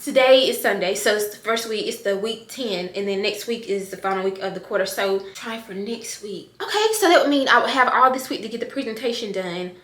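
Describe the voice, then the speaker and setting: Woman, middle-aged, casual vlog, excited and emotional, bright voice, echoey room. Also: mid-range voice, fairly quick, hardly any pauses. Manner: excited, emotional, addresses viewers as y'all. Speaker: vlogger. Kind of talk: casual vlog talk to camera. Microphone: camera on desk.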